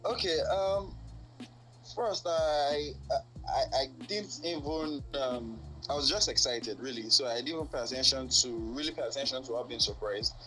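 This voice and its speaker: A man with a bright, forward voice speaks slowly and thoughtfully. He pauses with fillers as he works out his point. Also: mid-range voice, soft background music, poor audio. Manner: hesitant, thoughtful, many fillers. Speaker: guest. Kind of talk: casual chat.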